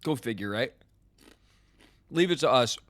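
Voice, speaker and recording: An American man streams a game live and chats the whole way through. His talk is loose and rambling, full of filler words and half-finished thoughts. His voice sits at an ordinary middle pitch for a man. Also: animated, unhurried, fairly bright tone. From United States. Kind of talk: casual live-stream chat while gaming.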